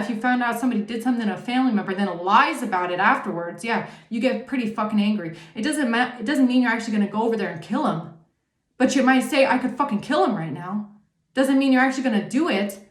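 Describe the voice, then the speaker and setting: A woman's voice: on the high side, fast talker, roomy sound. A woman giving a casual tarot reading, talking emphatically, swearing often and checking in with the listener. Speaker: tarot reader.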